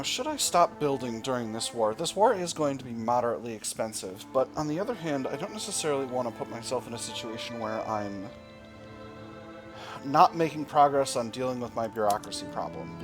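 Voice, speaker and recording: A man's voice: medium pitch, lively intonation, fairly quick, fairly bright tone, soft background music. A man commenting on a strategy game he is playing, thinking aloud with dry, wry asides. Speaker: gaming video host.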